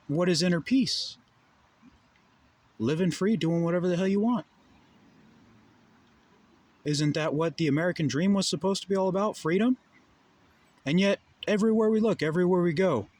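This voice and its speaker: A man's voice: fairly high pitch, expressive, normal speed, long pauses. A young adult man delivering a heated, profane monologue full of rhetorical questions. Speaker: vlogger. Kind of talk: ranting monologue.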